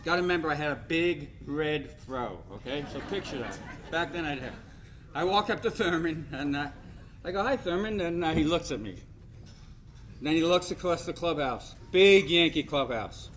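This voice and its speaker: A man's voice: a little high, animated, normal speed, fairly bright tone. A man gives a rambling, joking hall of fame speech full of anecdotes. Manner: rambling storyteller, self-deprecating jokes. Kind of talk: after-dinner speech with anecdotes.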